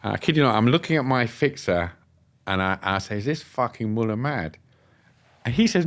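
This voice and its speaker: A man from England telling a personal story on a podcast, animated and acting out the dialogue. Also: medium pitch, brisk. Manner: animated, acts out quoted dialogue. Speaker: guest telling his story. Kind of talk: casual storytelling. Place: podcast studio.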